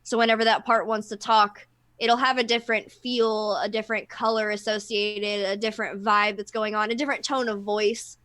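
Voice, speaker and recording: A woman's voice: mid-range voice, level tone, moderate pace, a bit bright. A woman who works with clients, talking openly and explaining things in casual chat. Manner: open, explanatory, many fillers. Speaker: therapist.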